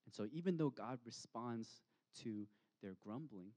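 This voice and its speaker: A man preaching a sermon as pastor, reflective, reading scripture aloud with slow, emphatic pauses. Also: mid-range voice, lively intonation, dark tone.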